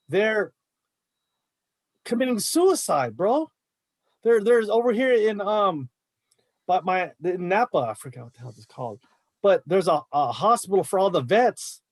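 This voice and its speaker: With no echo on the recording, a high-pitched middle-aged man who coaches martial arts talks on a casual podcast. He's emphatic and fired up, constantly dropping "bro."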